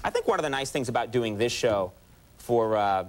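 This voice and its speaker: A man hosting a talk show, joking in a quick, self-mocking way with his sidekick. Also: mid-range voice, expressive. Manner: jokey, self-mocking, fast asides. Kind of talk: comedic talk show banter. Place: TV studio with live audience. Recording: broadcast with audience and noise.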